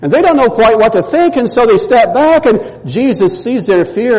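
A man preaching a sermon, telling a story with lively repetition and acting out the voices in it. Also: high voice, normal speed, few pauses, long reverb tail, poor audio. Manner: storytelling, acts out quoted voices, repeats words. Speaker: pastor.

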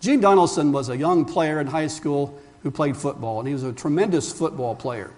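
A man's voice: a little high, moderate pace, a little mellow. A male pastor preaching a sermon emphatically, asking rhetorical questions and calling the congregation friends. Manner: addresses listeners as friends.

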